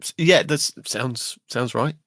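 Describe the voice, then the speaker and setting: A man's voice: mid-range voice, slow, fairly bright tone, dry recording. A man co-hosting a podcast in casual chat, giving brief, dry replies. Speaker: podcast co-host.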